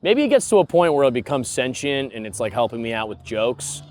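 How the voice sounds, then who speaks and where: A man's voice: medium pitch, sing-song, brisk, a little mellow, slight background noise. A young man hosting a podcast, rambling through a casual comedic monologue and laughing at his own stories. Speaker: podcast host.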